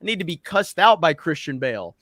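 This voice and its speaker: A man's voice: fairly high pitch, very animated, a little fast, pushed and bright, dry recording, clean studio sound. Rambling, laughing male podcast host. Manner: laughing, rambling, lots of filler words. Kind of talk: casual podcast chat.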